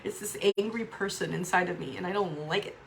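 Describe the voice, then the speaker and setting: A woman talking to camera in a raw, emotional vlog, upset and swearing, with halting restarts. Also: lowish voice, gravelly, slight background noise. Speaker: vlogger.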